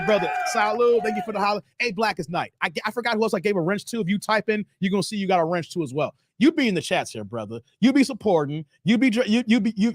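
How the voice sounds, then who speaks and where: A man's voice: high-pitched, no room sound, clean studio sound. A man hosting a live stream, casually reacting to a clip and reading out viewer donations with a playful, joking manner. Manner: playful, laughs often, talks to chat.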